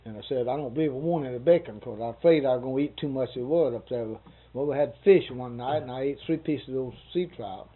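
A man's voice: mid-range voice, quick pace, husky. A man, telling a long, rambling story about a doctor's visit with chuckles and quoted dialogue. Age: 60s. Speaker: interviewee. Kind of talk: casual storytelling. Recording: tinny phone-like recording.

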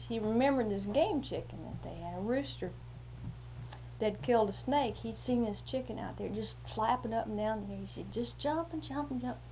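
Woman, animated storyteller, acts out voices and sound effects, highish voice, tinny narrow recording, faint hiss. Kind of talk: casual anecdote telling.

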